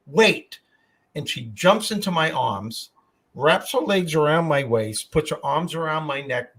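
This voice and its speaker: Husky older man telling stories. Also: on the high side. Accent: New York. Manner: storytelling, animated. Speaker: podcast host. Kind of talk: casual chat.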